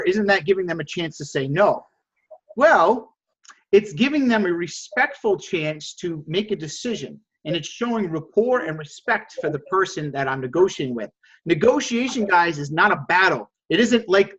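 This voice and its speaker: A man coaching a group on a video call, energetic, reading out answers and acting out little dialogues. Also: high-pitched, brisk, slightly rough, lo-fi sound. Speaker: sales coach.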